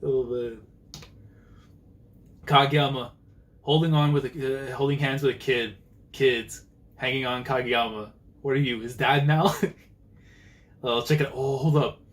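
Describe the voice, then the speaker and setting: A young man reading a manga chapter aloud and reacting live, excitable and slangy, often acting out the characters' lines. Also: medium pitch, measured pace, pauses often.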